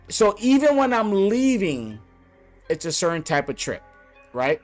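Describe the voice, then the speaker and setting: A man's voice: high-pitched, very animated, measured pace, soft background music. A man telling an angry story about a bad trip, blunt and profane, repeating lines for emphasis. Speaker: vlogger.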